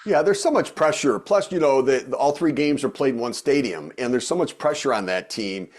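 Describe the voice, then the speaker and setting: Casting note: middle-aged man, mid-pitched, chatty guest who rambles and restarts often. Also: animated, fairly quick, darkish tone. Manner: rambling, many fillers and restarts. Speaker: guest, former baseball executive and radio host. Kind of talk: casual podcast interview.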